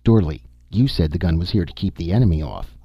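A man's voice: low-pitched, fast talker, gravelly, breathy edge, no room sound, highs cut off, full character voice. A man voicing an eager, curious male archaeologist in an audiobook. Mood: excited. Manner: eager, excited.

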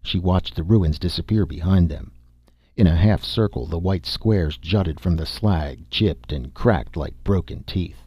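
Deep mellow guy reading a story, husky, dry close mic. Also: no room sound. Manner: steady, measured reading with voiced characters. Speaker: narrator. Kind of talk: audiobook narration.

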